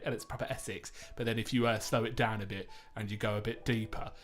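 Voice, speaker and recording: A man's voice: on the low side, fairly even intonation, fast talker. A young man co-hosting a casual podcast, chatty and self-deprecating, laughing often between stories. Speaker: co-host.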